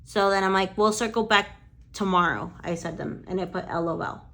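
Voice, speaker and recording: A woman's voice: mid-range voice, steady tone, moderate pace, bright, forceful tone. A woman lash artist telling a story in casual chat, swearing freely and quoting conversations with "I'm like".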